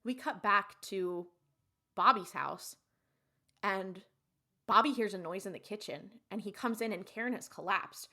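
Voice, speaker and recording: A woman's voice: medium pitch, a little slow. A young woman co-hosting a podcast, casually retelling an episode scene by scene and acting out the characters' lines. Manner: animated retelling with acted-out quotes. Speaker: podcast co-host.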